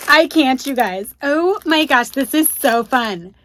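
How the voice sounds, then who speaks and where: A woman chats at home while unboxing. She gushes and exclaims constantly, talking straight to her viewers. Her voice sits slightly high. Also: expressive, slow, bright, forceful tone, slight background noise. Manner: gushing, exclaims often, addresses viewers as you guys. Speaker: unboxing video host. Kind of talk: excited casual unboxing chat. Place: home room.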